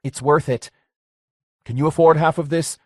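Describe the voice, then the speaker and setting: A man's voice: a little high, steady tone, normal speed, no room sound, studio quality, voice pushed up, lightly acted. A man reading the lines of a lonely middle-aged man who wants his youth back, his voice raised and pleading. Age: 40s.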